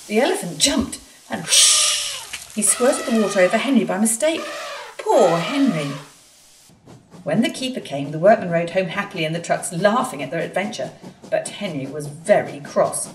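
A woman narrating a children's storybook in an expressive, animated reading. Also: mid-range voice. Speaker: storybook reader. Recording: echoey room, far from mic, faint hiss.

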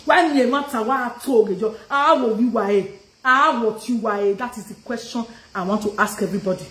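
At a moderate pace, a woman with a fairly bright, higher-leaning voice rants on a live stream, the sound reverberant. Her Nigerian accent comes through as she confronts someone, repeats her questions and switches languages mid-sentence.

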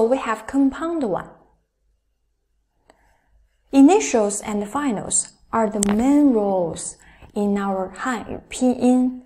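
A woman with a high voice teaches a language lesson at a very slow, deliberate pace. She says each syllable and tone aloud for the learner to repeat. Her delivery is patient and methodical, like a teacher running a drill. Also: warm tone. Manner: careful, deliberate, demonstrating each sound aloud.

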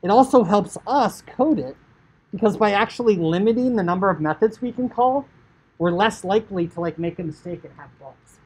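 Casual male coding teacher, breathy tone, chatty screencast narration. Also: sits high, animated, moderate pace, a little mellow, low-quality recording. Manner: chatty, filler "like", acts out inner thoughts. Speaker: high school computer science teacher.

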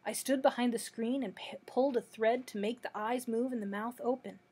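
Lady reading as a shaky little old fake wizard, pleading and meek, kinda husky. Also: fairly high pitch, steady tone, a little fast, darkish tone. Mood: explaining. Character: blustering little old male humbug wizard.

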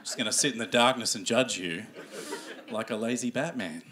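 A man hosting a stand-up comedy show, animated and swearing as he acts out characters. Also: medium pitch, normal speed. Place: comedy club stage before a live audience. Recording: live room with audience noise.

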